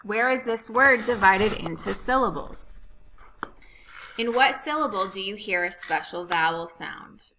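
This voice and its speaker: A woman teaching a phonics lesson over slides, reading rules and example sentences slowly and deliberately. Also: medium pitch, expressive, sharp tone, slight background noise, low-quality recording.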